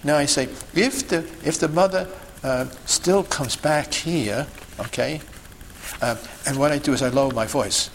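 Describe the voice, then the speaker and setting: A man's voice: fairly high pitch, measured pace, a little hiss or hum, low-quality recording. A man giving an instructional talk to a group as a sidewalk counselor, emphatic and full of rhetorical questions and checks like "okay?" and "see?".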